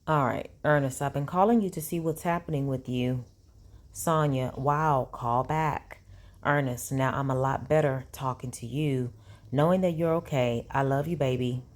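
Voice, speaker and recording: A woman's voice: rumbling low, normal speed, darkish tone. A woman reads text messages aloud and breaks in with sassy, incredulous asides as a commentary vlogger.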